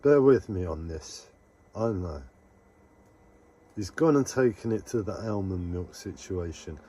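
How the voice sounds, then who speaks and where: A man with a low, mellow, husky voice rambles through a casual live stream for his viewers. He meanders from thought to thought, halts mid-sentence and talks to himself. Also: animated, measured pace.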